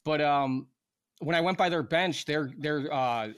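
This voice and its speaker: A man's voice: a little high, unhurried, fairly bright tone, clear, resonant tone. A man in his thirties, a former pro hockey player, casually telling a rambling story on a podcast with lots of fillers and laughter.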